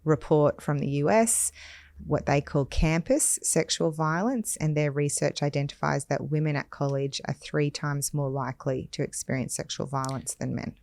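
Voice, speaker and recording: A woman, hosting a podcast and reading out statistics in a measured, firm way. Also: deep voice, a little mellow, no room sound. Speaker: podcast host. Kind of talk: conversational podcast discussion.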